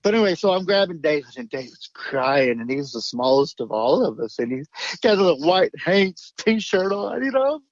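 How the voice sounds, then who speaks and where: Man, higher voice, rambling storyteller, swears a lot, dry lo-fi sound. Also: very animated, moderate pace, no echo. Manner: emphatic, profane, jumps between thoughts. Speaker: guest recounting an encounter.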